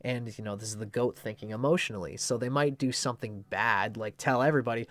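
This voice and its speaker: A man talks through astrology off the cuff, animated and excitable, often restarting his sentences. His voice sits at a middling pitch. The recording is dry and close. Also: quick pace, hardly any pauses, no room sound. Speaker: astrologer presenting a video. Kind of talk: unscripted explanatory talk.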